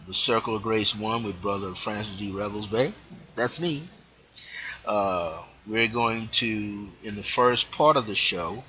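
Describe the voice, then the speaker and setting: A man hosting a spiritual teaching show, speaking reflectively and letting his phrase endings drop off softly. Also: on the low side, slight background noise, rough recording.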